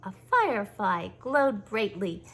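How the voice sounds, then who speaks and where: A woman reading a children's picture book aloud, gently and expressively. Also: medium pitch, very animated, slow, slightly rough.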